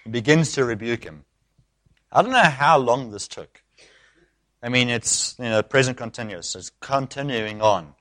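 A man preaching an expository sermon, switching into acted speech with sudden loud bursts. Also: medium pitch, animated, normal speed.

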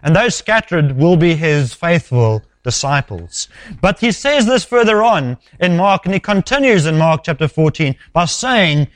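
A man preaching an expository sermon, measured and emphatic, often dropping low at the ends of phrases. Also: sing-song, no room sound.

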